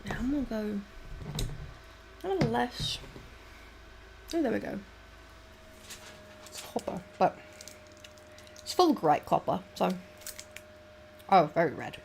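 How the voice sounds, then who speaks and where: Woman streaming while painting, chatty, mutters, swears a bit, normal pitch. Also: sing-song, slow pace, gravelly, pauses often, a little mellow, slight background noise. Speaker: livestreamer. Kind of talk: casual chat while painting.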